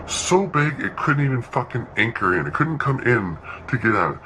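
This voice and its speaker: A man's voice: mid-range voice, a bit bright, a little hiss or hum, rough recording. A man telling a laid-back story in a casual monologue, swearing freely and acting out quotes. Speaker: podcast host.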